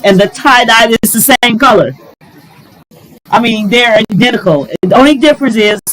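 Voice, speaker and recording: A middle-aged woman giving relationship advice in a casual, animated vlog, exclaiming and talking straight to her viewers. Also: fairly high pitch, slight background noise, poor audio. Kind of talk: casual advice talk to camera.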